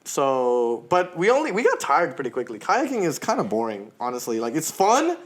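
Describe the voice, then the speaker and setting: A man's voice: on the high side, wildly swooping pitch, moderate pace. A man co-hosting a podcast, telling a long story in casual chat, laughing often and swearing freely. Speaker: podcast co-host.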